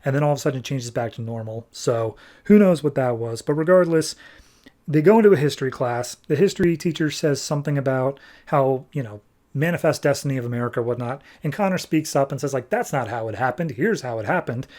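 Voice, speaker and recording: A man on a podcast casually recapping a comic book, animated and nitpicky, tossing off quick character lines as he goes. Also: mid-range voice. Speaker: podcast host.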